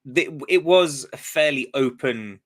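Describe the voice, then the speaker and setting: A man's voice: medium pitch, unhurried. Man hosting a podcast, asking questions. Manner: steers the talk with questions. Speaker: podcast host. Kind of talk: casual chat.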